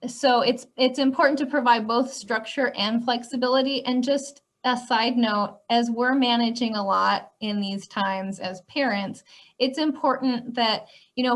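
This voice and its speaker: Gentle Minnesota woman counselor, somewhat high voice, explanatory with check-in tags. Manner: gentle, explanatory, frequent 'um' and 'right?'. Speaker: elementary school counselor. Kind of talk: parenting presentation.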